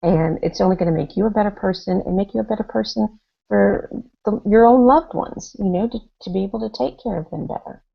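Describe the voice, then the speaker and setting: Woman on a coaching call, kinda gravelly, hesitant and chatty, muffled lo-fi sound. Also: mid-range voice, brisk. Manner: hesitant, thinks aloud with fillers. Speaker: coaching client. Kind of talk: casual chat on a group call. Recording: dull lo-fi call audio.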